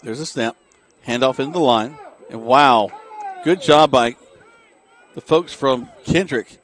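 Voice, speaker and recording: A man giving quick, dry play-by-play of a high school football game for radio, from outdoors at a stadium. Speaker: play-by-play announcer.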